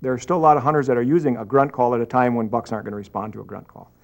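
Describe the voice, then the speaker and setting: A man's voice: medium pitch, steady tone, racing, creaky. A man explaining the ways of hunting calls in an earnest, conversational way, often restarting as he thinks. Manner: earnest, repeats himself while thinking. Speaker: hunting call expert. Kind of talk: explaining on camera.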